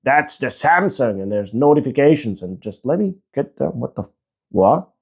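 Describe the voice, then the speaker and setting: Man, tech unboxing vlog, casual, mellow, swearing, exasperated, self-mocking. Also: mid-range voice, very animated, moderate pace, creaky, breathy edge. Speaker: tech YouTuber.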